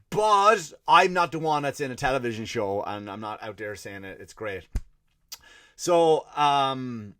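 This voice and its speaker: Irish male podcast comic, sarcastic and profane, mid pitch, dry close mic. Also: lively intonation, moderate pace, fairly bright tone, dry recording. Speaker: podcast host. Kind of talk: comedic rant.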